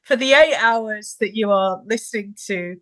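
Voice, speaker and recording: Woman, author guest, mid-pitched voice, self-deprecating, frequent laughter, halting restarts. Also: a bit bright. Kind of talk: casual podcast interview.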